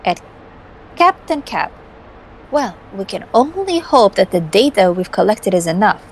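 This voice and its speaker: A woman's voice: medium pitch, sing-song, measured pace, a little hiss or hum, poor audio. A woman voicing a scheming, tech-savvy young woman with a wry, offhand delivery, in a fan voice acting of a game.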